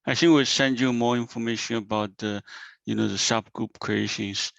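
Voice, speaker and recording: A man's voice: mid-range voice, steady tone, moderate pace, creaky, fairly bright tone, no room sound. A man chairing an online technical meeting, hesitant, with many fillers. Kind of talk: meeting discussion. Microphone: video call. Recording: dull, dry call audio.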